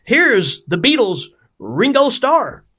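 A man hosting a movie podcast, chatting casually in an excitable, giggly, rambling way. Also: very high-pitched, slow pace, slightly rough. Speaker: podcast host.

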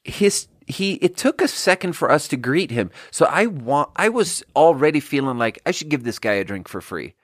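A man's voice: on the high side, big pitch swings, normal speed, few pauses, fairly bright tone, dry recording, clean studio sound. A man hosting a podcast, telling a rambling, profane, self-amused story in a casual way. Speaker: podcast host.

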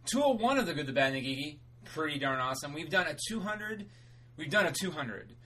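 A man's voice: medium pitch, sharp tone, slight background noise, poor audio. A man hosting a podcast, giving a loose and chatty intro and a sponsor read, rambling along with casual swearing and self-corrections. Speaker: podcast host.

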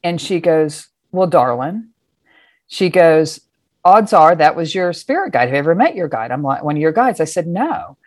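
Middle-aged woman, low voice, dry close mic, animated storyteller who swears casually. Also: moderate pace, dry recording. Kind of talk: personal storytelling.

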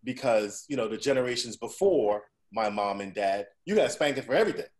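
Hosting a laid-back conversation, this man in his forties spins stories full of profanity, regularly checking in with "right?" His mid-range voice is expressive and brisk, with a darkish tone.

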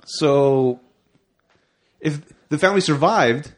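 A man's voice: fairly high pitch, takes it slowly. A man co-hosting a casual movie podcast, who mostly answers in short replies and then lays out his own theories at length. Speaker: podcast co-host. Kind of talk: casual movie review chat.

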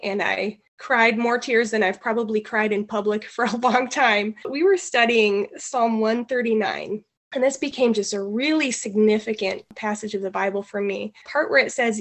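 A woman's voice: fairly high pitch, unhurried, a bit bright. A mother speaking as a guest on a Christian parenting podcast, sharing earnestly and from the heart.

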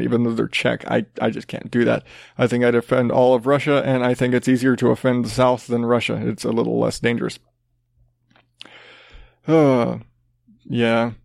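A man's voice: medium pitch, gravelly, a little mellow, no room sound, clean studio sound. A man hosting a podcast, ranting sarcastically with plenty of swearing and rambling restarts. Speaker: podcast host. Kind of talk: casual ranting commentary.

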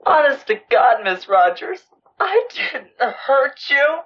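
A man's voice: very high-pitched, very animated, takes it slowly, highs cut off, heavily acted. A young actor playing a terrified, tied-up teenage boy who begs and sobs in panic, in film dialogue. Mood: pleading. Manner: begging, panicked, sobbing.

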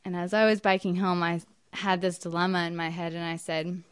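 A woman's voice: on the low side, fairly even intonation, moderate pace, no echo, clean studio sound. A woman telling a personal story in an emphatic, wry, indignant way. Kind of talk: personal story told to an audience.

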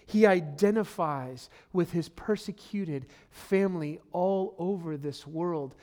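A man's voice: sits high, takes it slowly, a little mellow. A man preaching a sermon as a pastor, earnest and emphatic, repeating key phrases and speaking to listeners directly as "friend.".

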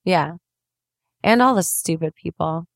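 A woman co-hosts a casual podcast, mostly agreeing and cracking jokes while sick. Her voice sits a little low and the sound is dry and close. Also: measured pace, vocal fry, no room sound. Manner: agreeable, joking. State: sick, coughing. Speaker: podcast co-host.

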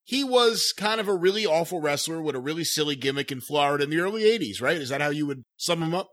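A man's voice: fairly high pitch, lively intonation, quick pace, a bit bright. A man hosting a podcast interview, asking eager, chatty questions and adding asides for listeners. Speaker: podcast host.

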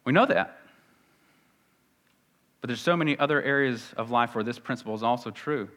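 Southern guy preaching, earnest, chatty asides, mid pitch. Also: bright, forceful tone. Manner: earnest preaching, conversational asides, jumps high for quoted voices. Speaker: pastor. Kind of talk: sermon.

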